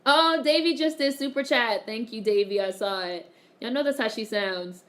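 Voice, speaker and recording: A woman's voice: on the high side, moderate pace, a bit bright. Woman streamer, casual and chatty, reads comments aloud, salty language, frequent laughter. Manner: chatty, swears freely, laughs often. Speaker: live streamer. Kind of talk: casual live-stream chat, reading viewer comments.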